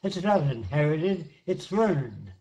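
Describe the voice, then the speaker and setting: An older man gives a seminar talk, speaking slowly and emphatically and pressing each point home with simple examples. His voice sits a little high for a man. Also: sing-song, mellow, low-quality recording. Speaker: lecturer answering questions.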